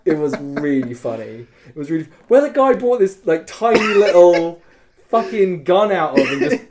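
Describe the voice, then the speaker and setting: A fairly high-voiced man tells a rambling story on a podcast. He is animated and loose, leaning on "like" and dropping the odd swear word. He talks in casual chat. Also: moderate pace, crowd noise. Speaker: podcast co-host.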